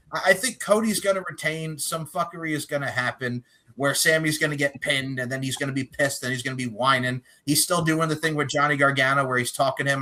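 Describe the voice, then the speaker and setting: A man's voice: mid-range voice, pushed and bright. A man hosting a casual wrestling podcast, loose and profane, quizzing his co-hosts. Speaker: podcast host.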